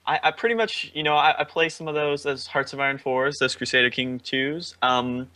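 Very bright, rambling young man. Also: mid-range voice, moderate pace. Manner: rambling, stammering, mock-boastful. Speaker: podcast co-host, modding tutorial maker. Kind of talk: casual gaming podcast chat.

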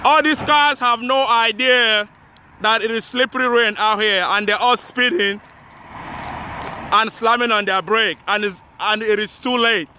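A man filming a highway crash on his phone outdoors, exclaiming in shock and repeating himself. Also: steady tone, unhurried. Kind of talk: live phone-video commentary. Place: outdoors beside a busy highway in a storm. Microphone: phone camera. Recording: loud outdoor traffic and rain noise.

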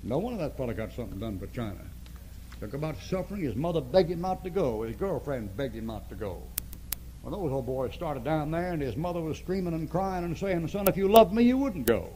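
An older man preaching a sermon to a congregation, repeating phrases and swinging between loud emphasis and hushed tones. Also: on the high side, expressive, brisk, a little hiss or hum, low-quality recording. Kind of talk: fiery sermon. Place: church before a congregation.

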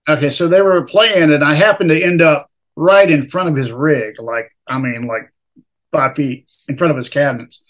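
Relaxed man, slightly high voice. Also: moderate pace. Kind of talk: casual chat.

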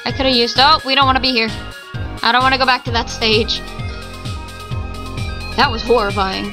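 A woman's voice: a little high, fairly even intonation, moderate pace, pauses often, music in the background. A woman giving casual, chatty commentary while she plays a video game. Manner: chatty, self-talking asides. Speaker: let's play gamer.

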